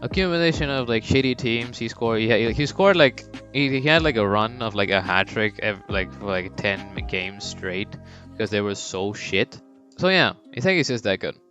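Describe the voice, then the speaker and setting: Young man, lowish voice, rambling fan narration, dull recording with faint music. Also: animated, a bit bright. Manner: rambling, swears, jumps into quick high character voices. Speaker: fan storyteller. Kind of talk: casual unscripted fan-story narration.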